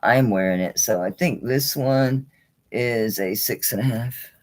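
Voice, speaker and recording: A woman's voice: a bass voice, measured pace. A woman running a live jewelry auction stream, chatting casually and showing pieces as she talks, sounding a little tired and swearing mildly now and then. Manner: chatty and salty, with frequent mild swearing; animated, talking while handling and showing items. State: tired and yawning late in the stream.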